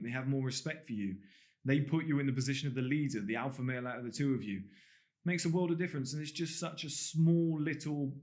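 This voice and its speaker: Speaking directly to camera for a course, this man coaches dating and body language bluntly and emphatically, swearing without restraint. He has a posh English accent and comes from the countryside of Gloucestershire, England. His pitch is fairly high and his tone darkish.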